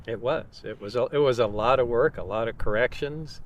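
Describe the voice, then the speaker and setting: A man in casual conversation, relaxed and agreeable. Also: mid-range voice, brisk, highs cut off. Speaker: guest.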